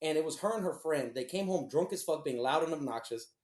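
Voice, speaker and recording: A man with a fairly high voice co-hosts a podcast, telling his story in a loose, cursing, animated way. The sound bounces around an echoey room. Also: brisk. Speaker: podcast co-host. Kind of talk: casual storytelling chat.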